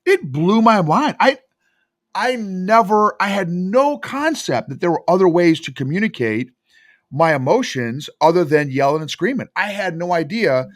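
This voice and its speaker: A man with a fairly high voice talks as a guest on a podcast. He tells his stories with emphatic, animated energy and pushes hard on his key points. He sounds like an emotional intelligence coach explaining his ideas. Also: normal speed, no echo, clean studio sound. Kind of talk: podcast interview.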